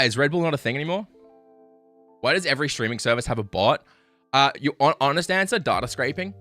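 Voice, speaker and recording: This is a frustrated man ranting on a live stream, cursing and saying sorry while his volume swings from loud outbursts down to mumbling.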